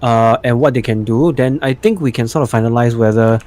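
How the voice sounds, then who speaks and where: A man's voice: medium pitch, a little fast, darkish tone. A man co-hosting a casual livestream, laid-back, with short replies. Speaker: livestream co-host.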